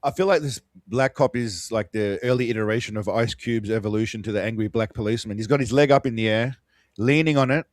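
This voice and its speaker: A man's voice: lowish voice, quick pace, no echo. A man making dry, teasing jokes in casual podcast commentary about a movie. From Australia. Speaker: podcast co-host.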